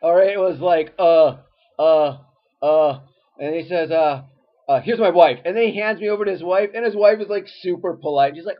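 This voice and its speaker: A man's voice: on the high side, normal speed. A man, a former teacher, giving casual advice and telling stories in a conversational way with lots of fillers. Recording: dull lo-fi recording.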